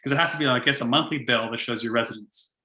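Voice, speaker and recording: A young man from Canada co-hosting a casual podcast, spinning an animated story laced with "like" and quick laughs. His voice has a bright, forceful edge, and the sound bounces around a roomy space. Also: medium pitch. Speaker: podcast co-host. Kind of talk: casual chat.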